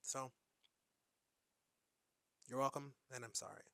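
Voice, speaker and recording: A man's voice: medium pitch, steady tone, slow, creaky, fairly bright tone, no echo. A man hosting his own show, rambling through a stream-of-consciousness monologue with giggles and filler words. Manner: rambling, giggly, breaks into sung jingles. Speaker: host.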